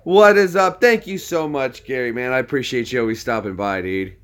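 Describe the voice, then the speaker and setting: A man's voice: medium pitch, fairly quick, a bit bright, smooth. A man hosting a casual livestream, chatty and upbeat, talking straight to his viewers. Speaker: livestream host.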